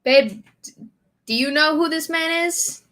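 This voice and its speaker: Slow deadpan woman streamer. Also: sits high. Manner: slow, deadpan lyric reading with bursts of laughter. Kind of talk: reading song lyrics aloud and chatting.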